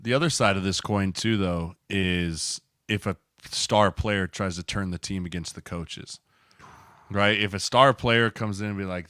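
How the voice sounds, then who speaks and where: A man's voice: lowish voice, steady tone, unhurried, bright, forceful tone, no echo, clean studio sound. A man co-hosting a sports podcast, chatting loosely and tagging points with "right?". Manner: conversational, frequent "right?" and "like". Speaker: podcast co-host, former player. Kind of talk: casual chat.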